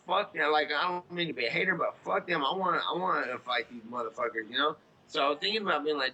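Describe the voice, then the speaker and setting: A man's voice: a little high, fast talker, bright, forceful tone, poor audio. A man in his thirties giving a casual interview, talking in a blunt, profane, rambling way. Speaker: interview guest.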